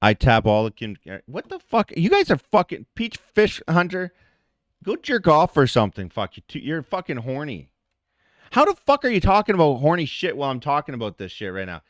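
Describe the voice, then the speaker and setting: A man with a fairly high voice that swoops wildly in pitch rants on his livestream, fairly quick and full of profanity, addressing his chat viewers head-on. There's no echo.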